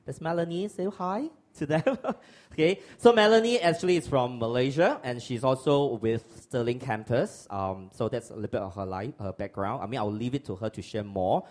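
A man at a church service introduces the morning's speaker in a loose, chatty way. His pitch sits at an ordinary middle level. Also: normal speed, hardly any pauses, a little mellow. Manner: informal, chatty. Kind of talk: casual introduction.

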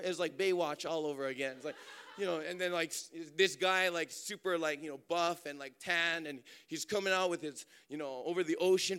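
A man from Hawaii, preaching through a lively personal story with many fillers. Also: fairly high pitch, normal speed. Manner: animated, chatty, many fillers and restarts. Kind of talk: storytelling sermon.

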